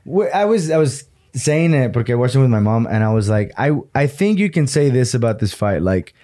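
A man's voice: medium pitch, big pitch swings, fairly quick, warm tone. A man co-hosting a podcast who chats casually about fights, swears freely and slips words into his talk. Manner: swears a lot, drops into Spanish words. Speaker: podcast co-host.

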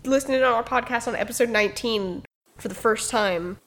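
A woman's voice: on the high side, moderate pace, a bit bright. A woman hosting a casual podcast, bantering, laughing often and swearing freely. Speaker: podcast host.

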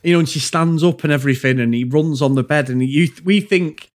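A man's voice: fairly high pitch, fairly quick. A man, co-hosting a casual film review podcast, telling stories with lots of swearing. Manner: swears freely, animated storytelling. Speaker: podcast co-host.

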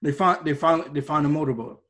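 A man's voice: a little high, fast, sharp tone, slight background noise. Rambling young-sounding man reviewing anime. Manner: rambling, hesitant, many restarts and fillers. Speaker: co-host reviewing anime episodes. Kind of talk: casual review chat.

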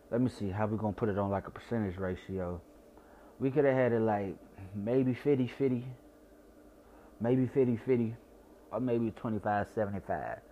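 Tipsy from wine, a young man from Georgia speaks with a Southern accent in a medium-pitched, dark-toned voice. His offhand, swearing monologue wanders, stutters, and repeats itself, over a faint hiss or hum.

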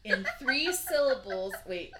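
A woman's voice: medium pitch, sing-song, takes it slowly, noisy background. A woman co-hosting a casual podcast, reading odd laws aloud and chatting about them with laughing asides. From Nevada. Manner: reads quotes then riffs with laughing asides. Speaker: podcast co-host.

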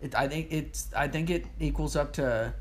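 A man's voice: a little high, moderate pace. A man hosting a podcast, chatting casually, teasing his co-host and laughing often. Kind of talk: casual chat.

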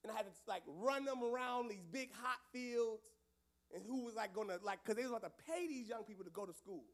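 A youth pastor telling a story to young people in a lively, casual way, with loud outbursts. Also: male voice, high-pitched, a little fast.

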